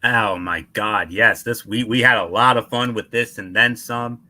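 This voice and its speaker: Bright, emphatic male co-host. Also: fairly low pitch, normal speed. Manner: emphatic, asks rhetorical questions. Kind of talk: wrestling recap chat.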